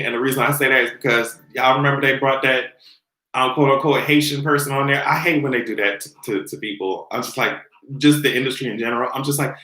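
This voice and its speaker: A man hosting a casual livestream, ranting about pop culture in an animated, exasperated way and laughing often. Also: mid-range voice, reverberant, rough recording. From Jamaican heritage. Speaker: livestream host. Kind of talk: casual commentary rant.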